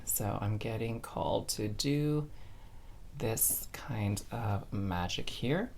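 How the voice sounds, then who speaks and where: A woman's voice: extremely low pitch, slow, vocal fry, background noise. A woman giving a casual, chatty spiritual card reading to camera, bubbly and addressing viewers as fam. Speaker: tarot card reader.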